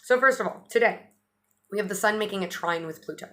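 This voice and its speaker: A woman talks through an astrology update in a loose, chatty way, her voice sitting at an ordinary middle pitch. She restarts phrases often and lets the odd swear slip in. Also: fairly quick, fairly bright tone. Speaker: astrologer vlogger.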